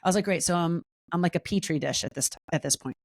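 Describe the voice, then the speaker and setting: A woman in her forties, a guest on a podcast, telling a personal story candidly and lively, jumping high in pitch when she acts out what people said. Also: fast talker, gravelly. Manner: animated, acts out quoted voices with big pitch jumps. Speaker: podcast guest, wellness coach.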